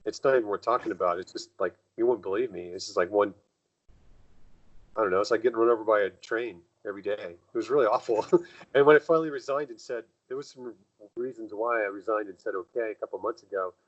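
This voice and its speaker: Low-voiced man telling rambling stories. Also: fast talker, highs cut off. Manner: rambling, acts out quoted dialogue with jumps in pitch. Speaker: guest. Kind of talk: casual conversational storytelling.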